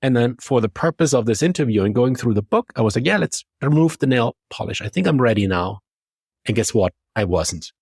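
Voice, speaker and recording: A man with a German accent, a confidence coach talking as a podcast guest and telling lively stories that act out his own thoughts. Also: medium pitch, brisk, breathy edge, dry recording. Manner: lively storytelling, acts out quoted thoughts. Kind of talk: conversational podcast discussion.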